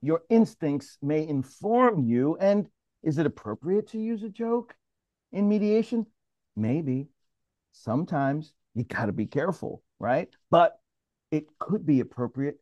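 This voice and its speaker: Hombre moderando una mesa redonda. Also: male voice, a little high, measured pace, no room sound, lo-fi sound. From New York. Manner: animated, restarts often, calls on others. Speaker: mediator leading a roundtable. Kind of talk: casual discussion, moderating.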